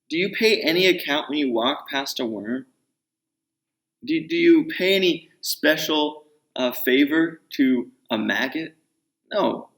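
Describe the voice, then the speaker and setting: Slow, unhurried male preacher. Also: on the high side. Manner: conversational Bible teaching, paraphrasing in a lively voice. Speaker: pastor. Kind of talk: sermon.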